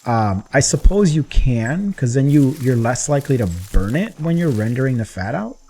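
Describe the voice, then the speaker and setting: A man casually talking through his gameplay as a gaming channel host, chatty and rambling, getting excited at times. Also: medium pitch, normal speed, husky.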